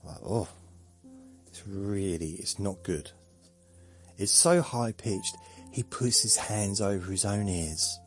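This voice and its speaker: A man with a lowish voice rambles through a casual podcast monologue. His pitch moves a lot, and he keeps making fun of himself and wandering off topic. Faint music plays underneath. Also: expressive, slow, long pauses. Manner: chatty, self-mocking, digressive. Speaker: podcast host.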